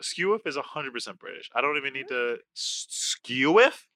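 An excitable man in casual podcast banter, with a very bright, lively voice that bounces all over. He swears freely and winds himself up. The recording is close and dry. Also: mid-range voice, moderate pace, dry recording. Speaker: podcast co-host.

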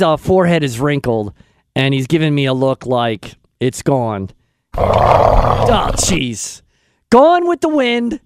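A man's voice: a little high, dry recording. A man hosting a radio show, chatting in a rambling, casual way into a studio microphone. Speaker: radio host.

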